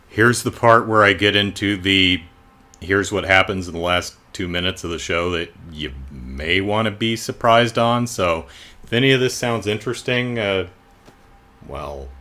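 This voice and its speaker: A man's voice: sits low, expressive, unhurried, bright, forceful tone. A man giving a casual, jokey TV review, retelling the plot with sarcastic asides.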